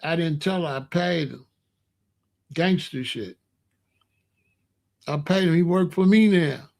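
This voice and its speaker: Man, casual streetwise storyteller, voice a touch high. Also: slow pace, creaky, darkish tone. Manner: loose, streetwise, drops into low murmurs. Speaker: storyteller host.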